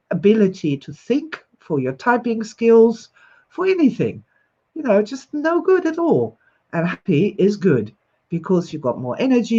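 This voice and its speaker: An enthusiastic, expressive woman in her sixties who laughs often as she hosts a livestream and greets her viewers. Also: mid-range voice, slightly rough. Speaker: host. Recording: slightly dull lo-fi recording.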